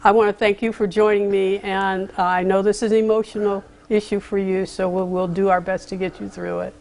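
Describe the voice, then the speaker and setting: A woman's voice: mid-range voice, flat delivery. Woman hosting a formal interview. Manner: formal, deliberate, gently guiding. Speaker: interview host, community affairs director.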